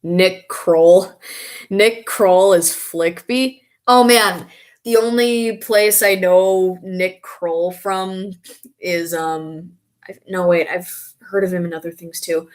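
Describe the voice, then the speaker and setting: A woman chatting casually on a live stream, reading viewer comments and reacting with excitable, frequent laughter. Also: lowish voice, slow.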